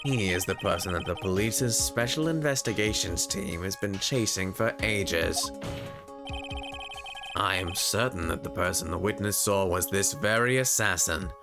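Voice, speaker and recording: A man putting on a deep, icy prosecutor who talks slowly and looks down on everyone. His low voice has a gravelly edge. Game music plays clearly behind him. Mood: cold, haughty. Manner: clipped, superior, measured. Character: cold, haughty male prosecutor, young adult.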